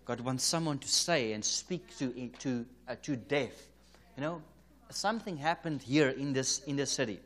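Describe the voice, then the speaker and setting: A South African man preaching at a church conference. He tells a story in an anecdotal, conversational way and plays out the dialogue line by line, chuckling now and then. His voice sits at an ordinary male pitch. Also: lively intonation, normal speed, a bit bright.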